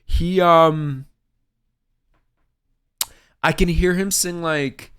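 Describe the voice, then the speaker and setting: A man's voice: on the high side, fairly even intonation, extremely slow, fairly bright tone, clear, resonant tone, no room sound, clean studio sound. A man hosting a reaction video, gushing and thinking aloud in casual commentary.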